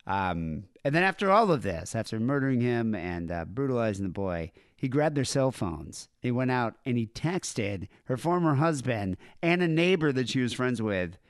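A man's voice: mid-range voice, sing-song, normal speed, hardly any pauses, dry recording, studio quality. A man co-hosting a podcast, casually reading out news stories with wry asides and fillers. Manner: wry, laid-back storytelling with frequent fillers. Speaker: podcast co-host.

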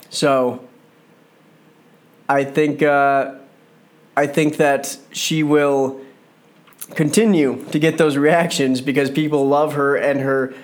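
A man with a slightly higher voice talks through a wrestling episode on his own. He rambles, cracks jokes, and stops to correct himself partway through sentences. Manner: rambling, self-correcting, jokey. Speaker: wrestling show reviewer. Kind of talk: casual solo commentary.

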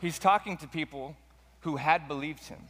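Earnest preaching man, slightly high voice. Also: moderate pace, fairly bright tone, big-room sound. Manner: earnest and emphatic, with repetition. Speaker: pastor. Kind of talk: sermon.

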